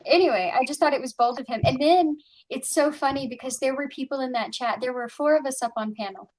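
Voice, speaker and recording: Woman, high voice, casual stream panelist, animated storyteller. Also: fast talker. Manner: animated storytelling, quoting others. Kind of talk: casual chat.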